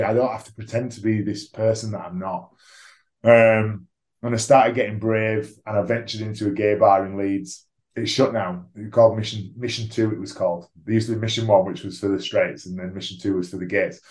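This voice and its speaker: A low-voiced man talks candidly about his own life, frank and ready to laugh at himself, with the odd swear word. His voice bounces around a roomy space. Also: a little mellow. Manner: frank, swears freely, self-deprecating humour. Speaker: guest, rugby league player. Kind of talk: candid conversational storytelling. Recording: roomy echo.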